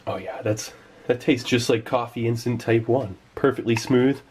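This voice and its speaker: A man's voice: medium pitch, fairly even intonation, moderate pace, background noise. A man giving casual, enthusiastic commentary while tasting old rations, sometimes talking with his mouth full. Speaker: food tasting vlogger.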